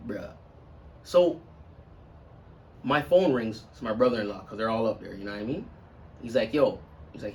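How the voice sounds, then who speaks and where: A man casually telling a long personal story on a podcast, acting out everyone in it with sudden loud, high-pitched bursts. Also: normal speed, pauses often, recorded from a distance, a little hiss or hum. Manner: animated, swings into loud high-pitched quotes of others.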